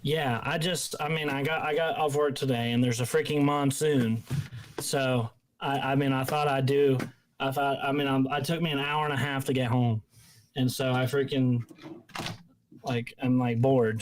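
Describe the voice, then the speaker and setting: A man's voice: medium pitch, steady tone, normal speed. A man ranting heatedly on a livestream, profane and rambling with lots of restarts. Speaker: guest panelist.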